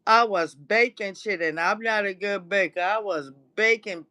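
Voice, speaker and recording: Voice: mid-range voice, normal speed, pushed and bright. A cooking vlogger chatting casually on a livestream, ranting and cursing freely and laughing often.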